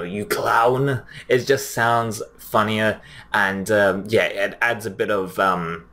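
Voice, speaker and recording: A young man giving casual, chatty commentary, often pausing with fillers and restarting his sentences. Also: lowish voice, fairly bright tone. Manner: chatty, frequent fillers, restarts, reads quotes plainly. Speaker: anime commentary host. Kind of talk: casual commentary comparing dub lines.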